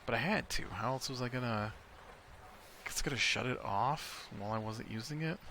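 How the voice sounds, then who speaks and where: A man's voice: mid-range voice, normal speed, pushed and bright, slight background noise. An American man giving casual gameplay commentary, thinking aloud and rambling with lots of fillers. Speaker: let's play host.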